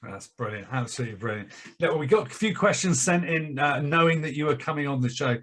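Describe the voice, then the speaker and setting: A man's voice: a little high, expressive, a little fast, a bit bright. A man hosting an interview, asking encouraging questions. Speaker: interview host. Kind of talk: interview conversation.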